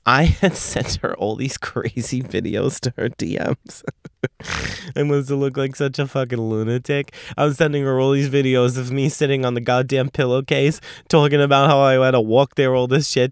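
A man's voice: medium pitch, normal speed, clean tone, no echo, studio quality. A man, hosting a podcast and telling a story in a brash, profane, sassy way. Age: late 20s. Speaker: podcast host. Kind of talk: casual storytelling monologue.

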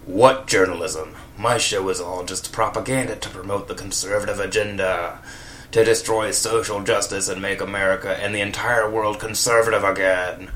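A man's voice: on the low side, steady tone, normal speed, fairly bright tone, a little hiss or hum, close to an everyday voice. A man voicing a male conspiracy radio host who rants in a hostile, snarling way.

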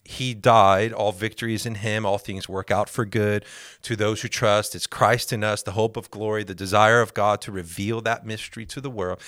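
A man's voice: on the low side, fairly bright tone, dry recording, clean studio sound. A man hosting a faith podcast, teaching in an earnest way, repeating key phrases and acting out prayers in the first person. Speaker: podcast host.

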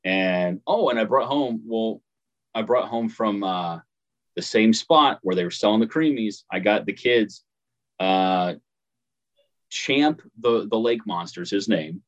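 A man's voice: on the low side, expressive, takes it slowly, lo-fi sound. Laid-back Midwestern man telling a story. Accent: Midwestern American. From American Midwest. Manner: storytelling, laughs easily. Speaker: podcast co-host. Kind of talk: casual chat.

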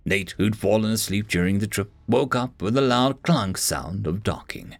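Male storyteller with a lively, gravelly read and no room sound. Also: on the low side, moderate pace, hardly any pauses, no room sound. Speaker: narrator. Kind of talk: audiobook narration.

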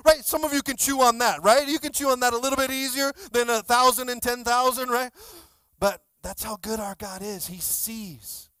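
A male pastor giving a sermon, telling stories in an animated way, acting out quotes and often repeating words. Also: extremely high pitch, moderate pace, clean tone, dry recording. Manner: animated storytelling, acts out quotes; repeats words, many restarts.

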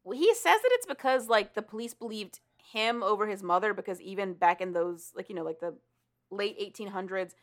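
A woman's voice: mid-range voice, expressive, brisk. Woman co-host recapping a story casually, rambling, filler-heavy, mid-range voice. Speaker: podcast co-host. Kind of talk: casual chat retelling a story.

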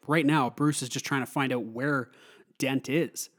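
A man giving a casual, excited film review, rambling with lots of fillers. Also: medium pitch, unhurried.

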